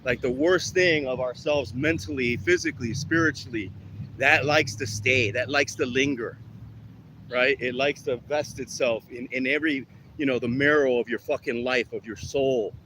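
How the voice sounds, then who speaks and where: A man's voice: mid-range voice, fairly even intonation, moderate pace, sharp tone. A man ranting with a lot of swearing during an outdoor workout vlog, winded between exercises, with traffic around him. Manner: profane, heated and preachy. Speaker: fitness vlogger.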